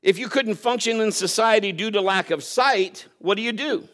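A man's voice: high voice, normal speed, a bit bright. A man preaching a sermon, telling a personal story, acting out quotes and laughing at himself.

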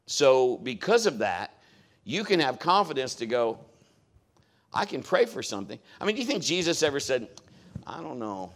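A man's voice: medium pitch, sing-song, normal speed. A man preaching a sermon in a conversational style, telling a story and acting out what others said. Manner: conversational, acts out quoted voices.

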